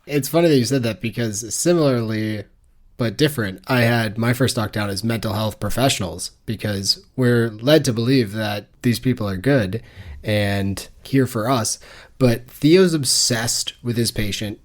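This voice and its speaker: A man's voice: mid-range voice, moderate pace. A man co-hosting a casual book-club podcast, talking in a wry, easygoing way. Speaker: podcast co-host.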